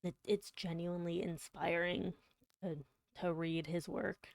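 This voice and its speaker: Soft-spoken, emotional woman streamer. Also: lowish voice, flat delivery, creaky, no echo. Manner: soft-spoken and emotional, often dropping into a whisper; halting, with many restarts and fillers. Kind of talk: casual chat on a live poetry reading stream.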